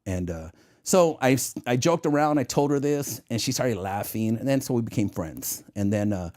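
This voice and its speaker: Speaking at an ordinary speed in a mid-range voice, this ex-federal agent shares relaxed stories with an interviewer. He's animated, mimicking the voices in his anecdotes, and tends to laugh at his own jokes.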